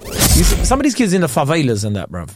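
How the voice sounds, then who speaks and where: A man's voice: high voice, fast talker, music in the background. Slangy man, casual podcast chat. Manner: animated, slangy storytelling. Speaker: podcast co-host.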